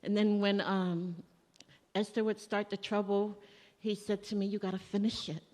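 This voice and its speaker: A woman's voice: mid-range voice, flat delivery, normal speed, darkish tone. Woman's eulogy in a reverberant church. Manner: conversational storytelling, acting out remembered dialogue. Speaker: daughter giving a eulogy. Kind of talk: eulogy at a family funeral service. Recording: long reverb of a church hall.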